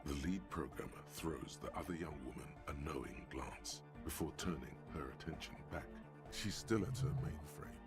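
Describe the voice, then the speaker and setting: A game narrator with an extremely deep, gravelly voice that rumbles along in a measured, dry way. Loud music plays behind him in the game audio. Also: male voice. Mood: wry.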